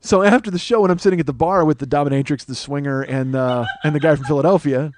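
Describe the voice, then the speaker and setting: A man's voice: on the high side, fast, a little mellow, slight background noise. A man in his forties, a comedian and podcast host, telling a profane story in a casual monologue and acting out the quoted dialogue. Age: 40s.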